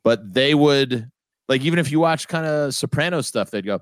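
On a podcast, a male co-host with a medium-pitched, lively voice chats casually at a normal speed. He's laid-back and joking, swearing offhandedly, and the recording is dry.

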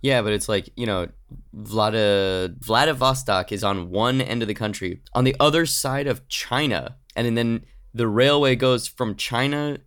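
A man's voice: mid-range voice, normal speed, a bit bright. A man co-hosting a comedy history podcast, chatting casually and swearing freely. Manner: casual, profane. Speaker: podcast co-host.

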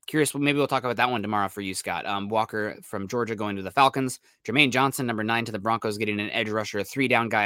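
A man's voice: mid-range voice, pushed and bright, smooth, dry recording, clean studio sound. A man co-hosting a casual sports podcast, talking in a rambling, upbeat way with plenty of fillers. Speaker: podcast co-host.

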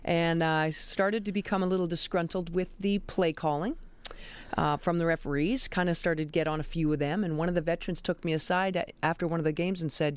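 A woman in her forties tells lively stories as a guest in a radio studio. She is animated and laughs easily. Her voice is clear and smooth, and the dry studio mic puts her close. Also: fairly low pitch, a little fast, dry recording. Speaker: guest, basketball referee and teacher. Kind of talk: radio interview. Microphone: studio microphone.

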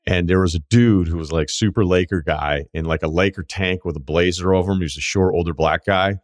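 Deep-voiced emphatic male podcast host. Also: dry recording, studio quality. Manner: emphatic storytelling, quick asides, frequent laughs. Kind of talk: casual chat.

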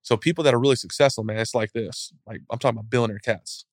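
A man giving a casual motivational talk as a guest speaker, acting out scenes in an animated, storytelling way. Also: medium pitch, quick pace, no echo, clean studio sound.

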